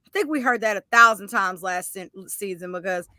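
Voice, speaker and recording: A woman co-hosting a podcast, chatting about football in a talkative, animated way and correcting herself as she goes. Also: mid-range voice, a little fast, no echo. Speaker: podcast co-host. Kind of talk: casual sports chat.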